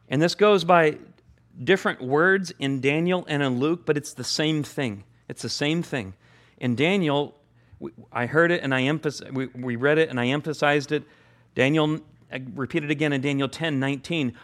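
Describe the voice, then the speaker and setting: Earnest preacher with a higher voice. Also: male voice, moderate pace, a bit bright. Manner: earnest, emphatic, repeats key phrases. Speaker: pastor. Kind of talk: sermon.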